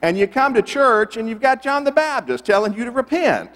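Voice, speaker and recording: A middle-aged man preaching a sermon, conversational and animated, full of rhetorical questions. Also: very high-pitched, fairly quick, big-room sound. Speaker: pastor.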